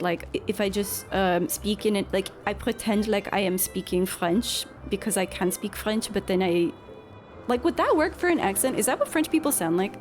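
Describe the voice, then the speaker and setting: A young woman chats casually while she streams a game, drifting into rambling, self-deprecating asides. Her voice sits at a middling pitch. Game music plays clearly behind her. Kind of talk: casual gameplay chat, reading game dialogue aloud.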